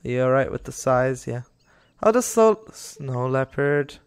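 A man's voice: medium pitch, animated, unhurried, clear, resonant tone, dry recording, clean studio sound. A young man giving casual, rambling commentary over a game, talking to the animals on screen and getting exasperated with them. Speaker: gaming YouTuber.

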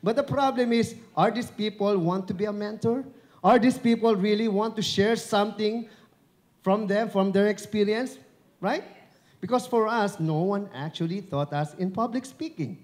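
A man's voice: sits high, normal speed, a little mellow. A man with a Filipino accent, a dubbing director and broadcaster, giving a chatty, encouraging live speech at an event, speaking into a handheld microphone held at his chin. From Philippines. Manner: chatty and encouraging, joking with the audience. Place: event venue before an audience.

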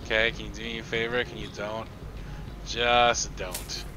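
A man's voice: fairly low pitch, little pitch movement, normal speed, heavy background noise. A young man streaming a video game, chatting along in a goofy, playful way with silly riffs and honking noises. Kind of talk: live game commentary. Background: game music.

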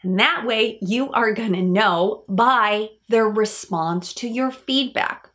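A woman's voice: mid-range voice, takes it slowly, a bit bright. A woman psychologist giving an educational talk to camera, explaining patiently and asking viewers rhetorical questions.

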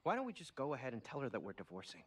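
An actor playing a weary father in a divorcing couple, husky, heard as game audio from a distance. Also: medium pitch, huge pitch swings, rapid-fire. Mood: tense.

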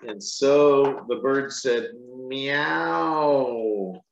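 A pastor reads a picture book aloud to children in a slow, unhurried way, pausing for gentle, chatty asides. His voice sits at an ordinary middle pitch for a man. The sound is echoey and a little dull, like a lo-fi recording in a roomy space. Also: expressive.

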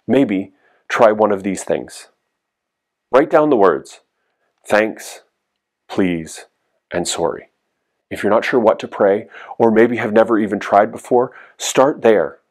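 A man giving a youth sermon as a youth pastor, earnest and encouraging, repeating his key phrases. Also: lowish voice. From Canada.

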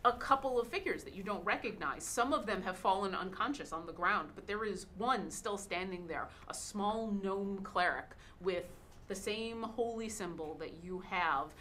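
Woman game master, bright voice, storytelling narration, faint background noise. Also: medium pitch, expressive, moderate pace. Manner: descriptive storytelling with fillers.

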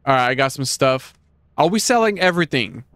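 A man hosting a casual gameplay session, excitable and laughing often as he chats with friends. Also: mid-range voice, fairly quick, no echo. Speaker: gaming channel host.

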